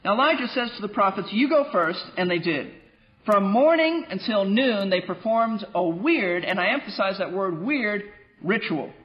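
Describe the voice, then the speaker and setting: A male pastor teaching a Bible class in an animated, wry way with playful asides. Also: high-pitched, normal speed, muffled recording.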